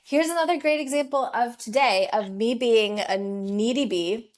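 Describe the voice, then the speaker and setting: A woman co-hosting a podcast, chatting casually and telling stories in an animated, talkative way. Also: on the high side, normal speed. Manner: chatty, animated storytelling with laughs. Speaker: podcast co-host. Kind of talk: casual chat.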